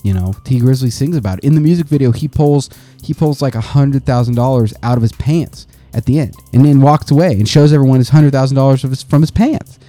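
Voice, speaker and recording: A young adult man hosting a podcast, reading quotes aloud and riffing on them in a profane, animated way. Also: mid-range voice, fast, dry recording, faint music behind. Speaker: podcast host. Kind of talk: casual podcast commentary.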